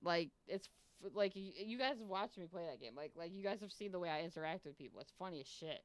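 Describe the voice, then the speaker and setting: Low-voiced woman rambling through a story. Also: animated, fast talker. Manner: rambling, full of "like" and frequent swearing; retells chats by voicing both sides. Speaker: game streamer. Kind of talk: casual storytelling to a stream audience.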